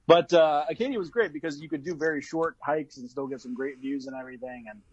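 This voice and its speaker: Man, podcast guest, casual chat, hesitant, laid-back, husky, dull lo-fi sound. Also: a little high, fairly quick, darkish tone, no room sound. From Illinois. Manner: hesitant, full of ums and uhs, laid-back.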